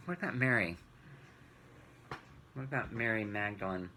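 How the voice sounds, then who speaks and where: A man teaching a children's Bible lesson, retelling the story gently and asking rhetorical questions. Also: fairly low pitch, normal speed, a little hiss or hum, low-quality recording.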